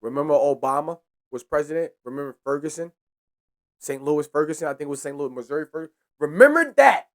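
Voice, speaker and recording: A man's voice: a little high, expressive, fast. A young man hosting a podcast, ranting in a heated, profane way and repeating himself for emphasis. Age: young adult. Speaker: podcast host. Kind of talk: casual ranting monologue.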